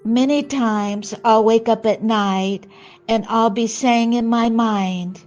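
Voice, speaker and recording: An older woman telling a personal spiritual story in a gentle, earnest way. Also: on the high side, steady tone, takes it slowly, muffled recording, soft background music. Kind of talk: reflective personal testimony.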